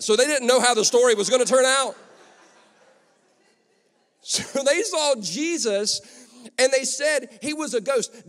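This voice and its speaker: Male pastor with a high, bright voice, punchy and conversational, big church reverb. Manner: energetic, conversational, joking asides. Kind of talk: lively sermon. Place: large church hall. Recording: long echo of a church hall.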